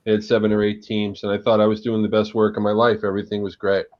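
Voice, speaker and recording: A man, a guest agile coach, telling an animated anecdote during a live panel talk. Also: lowish voice, fast. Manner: animated, vivid anecdotal delivery. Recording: dull lo-fi sound.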